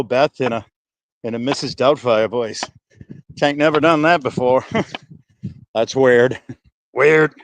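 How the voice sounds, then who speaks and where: With a medium-pitched voice and no echo, a man streams live as he walks outdoors through wind and breeze. He's a little out of breath from walking and talks to his viewers in a loose, profane way.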